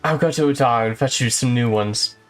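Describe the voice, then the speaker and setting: A man reading game dialogue aloud in character, voicing an eager, dutiful young female assistant in a brisk, earnest way. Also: medium pitch, soft background music, lightly acted.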